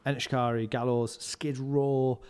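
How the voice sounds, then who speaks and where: A man's voice: medium pitch, level tone, moderate pace, a little mellow, clean tone. A man, telling backstage stories as a podcast guest in a rambling, casual way with lots of fillers. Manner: rambling storyteller, heavy use of "like". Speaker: podcast guest, live music stage manager. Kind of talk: casual anecdotal chat. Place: indoors, podcast recording. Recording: reverberant room with long echo.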